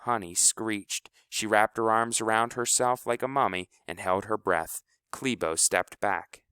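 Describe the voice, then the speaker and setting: A man narrates a storybook in a low, smooth, resonant voice with lively intonation. His reading is measured and expressive, and the sound is dry and close. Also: no echo. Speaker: audiobook narrator.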